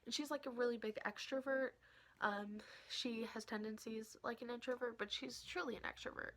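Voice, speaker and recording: Young woman vlogging a storytime, giggly, keeps going whispery, bright edgy voice with lots of fry. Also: on the high side, moderate pace. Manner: excited, giggly, drops to a whisper often. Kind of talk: casual storytime.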